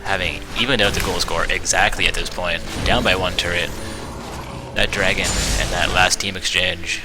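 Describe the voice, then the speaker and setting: Deep-voiced man casting a game live. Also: fairly even intonation, moderate pace. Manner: casual, chatty, corrects himself often. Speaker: esports commentator. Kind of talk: live game commentary for a stream. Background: game music.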